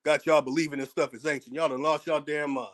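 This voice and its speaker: Combative high-voiced American man ranting. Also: steady tone, fast, a bit bright. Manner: combative, profane, repeats words when worked up. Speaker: channel host. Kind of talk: heated commentary rant.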